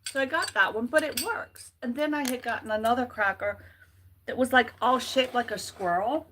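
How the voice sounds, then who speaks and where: A woman's voice: a little high, moderate pace, background noise. A woman hosting a casual livestream, chatting playfully and laughing at her own jokes. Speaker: channel host.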